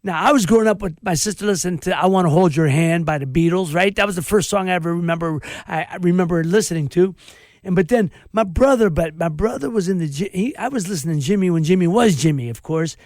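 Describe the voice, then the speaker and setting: A middle-aged man with a fairly high voice hosts a loose interview chat. He rambles, restarts his words and jumps in with eager interjections. The sound is dry and close, with no room around it. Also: fast talker, darkish tone, dry recording. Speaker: host.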